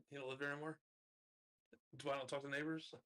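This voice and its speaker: A man's voice: mid-range voice, level tone, brisk, sharp tone. A man in a live stream chat telling a casual story, laughing often and joking easily.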